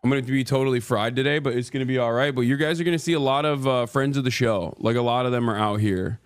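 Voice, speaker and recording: A man's voice: medium pitch, quick pace, clear, resonant tone. A tired man streaming live from a hotel room, chatting casually and rambling with joking banter. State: tired from little sleep. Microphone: streaming mic.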